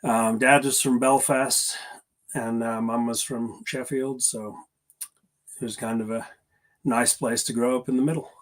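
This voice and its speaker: A man with a Manx accent, answering interview questions in a relaxed, modest way. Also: medium pitch, unhurried, low-quality recording. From Isle of Man. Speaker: podcast guest, racer.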